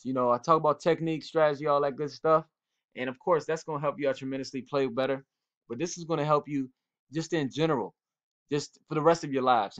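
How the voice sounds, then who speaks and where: Man coaching players, higher voice, lo-fi sound. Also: a bit bright. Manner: direct, repetitive, coach-like urging. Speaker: football coach and cornerback trainer. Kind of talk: casual instructional talk to young players.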